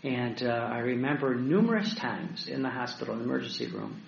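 Deacon guy preaching, gravelly voice, lots of uh and restarts, echoey dull-sounding room. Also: medium pitch. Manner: storytelling, halting with many restarts and fillers. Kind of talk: sermon-style teaching talk.

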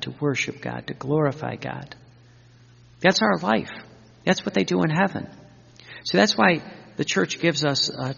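A man's voice: mid-range voice, creaky, a bit bright, breathy edge. A man preaching an earnest Catholic-style sermon, repeating himself, restarting phrases and building long fervent lists. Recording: dull lo-fi sound with long hall reverb.

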